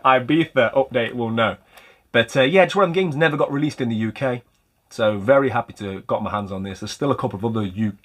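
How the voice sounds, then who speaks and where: A man chats through his retro game haul in a loose, rambling way. He pokes fun at himself as he goes, and his voice sits at a middling pitch. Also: a bit bright. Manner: chatty, rambling, light self-mocking humor. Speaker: retro game collector and channel host. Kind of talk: casual vlog chat about game pickups.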